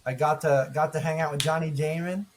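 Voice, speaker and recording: A man co-hosting a podcast in casual chat, telling a story with lively acted-out quotes. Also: fairly high pitch, a little fast, a crowd in the background. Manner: animated storyteller, acts out quoted exchanges. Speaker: podcast co-host.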